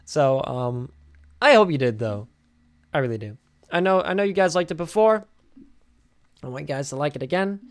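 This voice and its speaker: Hosting a casual game-building commentary, a young man speaks at a moderate pace in a slightly high, animated voice, pausing often, with no echo. He's tired and sleepy, rambling and chatty, and full of fillers and restarts.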